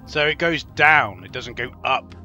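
A man's voice: mid-range voice, expressive, a little slow, bright, forceful tone, soft background music. A man giving gameplay commentary, ranting and swearing in frustration at a puzzle game. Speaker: gaming channel host.

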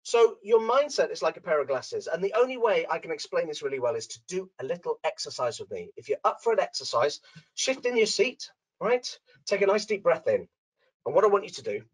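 A middle-aged man presenting a webinar from home, telling stories and acting out the people in them. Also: poor audio. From Liverpool, England. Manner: acts out characters in his anecdotes with big pitch swings. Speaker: dental coach and webinar presenter. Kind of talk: animated webinar talk with storytelling. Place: room at home.

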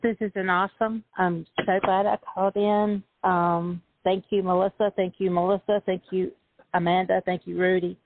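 A woman's voice: fairly low pitch, flat delivery, normal speed, dry recording. A woman calling in to a live show, giving a grateful, rambling closing statement. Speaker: caller. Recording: dry tinny phone line.

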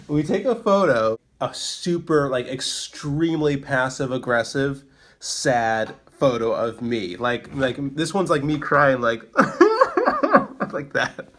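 A man of middle pitch talks loosely to his camera, rambling along with a laugh in his voice and poking fun at himself. A faint hiss sits under the recording. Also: a bit bright. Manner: rambling, laughs often, self-mocking. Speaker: vlogger, small business owner. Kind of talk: casual vlog chat. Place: out walking in town, then indoors.

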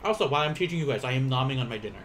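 A man's voice: medium pitch, lively intonation, racing, fairly bright tone, a little hiss or hum. A man in his thirties giving a casual live Japanese lesson, rambling and laughing often while he eats. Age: 30s. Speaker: Japanese teacher.

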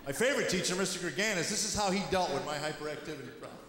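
A middle-aged man with a fairly high voice works a stand-up routine, dry and wry, tossing off quick asides. He plays to a big echoing hall, with room noise clearly under him. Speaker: stand-up comedian. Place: large hall with live audience.

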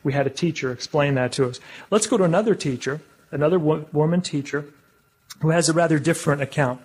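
A man delivering a religious public talk, asking his listeners questions and slowing down to stress key words. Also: on the high side, slightly rough. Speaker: public speaker.

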